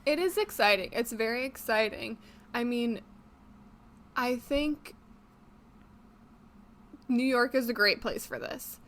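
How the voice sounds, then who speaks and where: A young woman co-hosting a podcast in a casual chat, playful and quick to laugh. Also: a little high, fairly bright tone. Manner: chatty, laughs often, playful. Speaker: podcast co-host.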